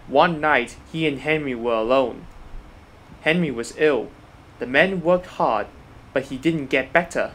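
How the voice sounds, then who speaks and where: A man's voice: mid-range voice, a little slow, fairly bright tone, poor audio. A man reading a children's railway story aloud as the narrator.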